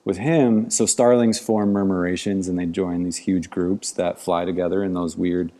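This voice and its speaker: A man's voice: low-pitched, steady tone, normal speed, mellow. A man, a podcast guest, telling a story in casual conversation, rambling with many "like" fillers. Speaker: podcast guest, outdoor educator.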